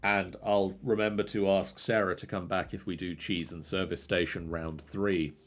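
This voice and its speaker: Male quiz host, low and gravelly, relaxed, repeats each question. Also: normal speed. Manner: easygoing, laughs along, reads questions twice. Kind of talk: live online quiz hosting.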